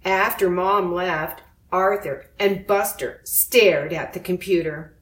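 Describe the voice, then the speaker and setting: A woman reading a children's storybook aloud in a slow, clear storytelling manner. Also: on the low side. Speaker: narrator. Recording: roomy echo.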